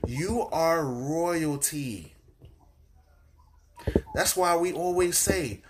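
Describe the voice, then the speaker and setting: A man preaching with fervor, rising and swelling as he repeats his lines back to the listeners. His voice sits a bit high for a man, and a steady hiss of noise runs under the recording. He slows right down to read scripture word by word. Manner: call-and-response preaching, repeats lines for emphasis; reads scripture slowly and deliberately. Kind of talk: sermon.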